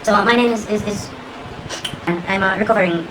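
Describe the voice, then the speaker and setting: A woman's voice: medium pitch, noisy background, voice pushed up, close to an everyday voice. Woman doing a stammering recovering lighter thief. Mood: sheepish. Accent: Jamaican. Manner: halting, stammering confession.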